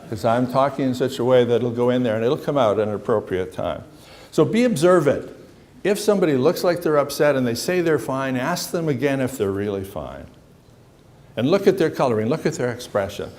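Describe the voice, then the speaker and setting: A middle-aged psychologist leads a seminar lecture to a live room, speaking casually at normal speed in a medium-pitched, sing-song, darkish voice. He tells anecdotes and acts out the dialogue in them.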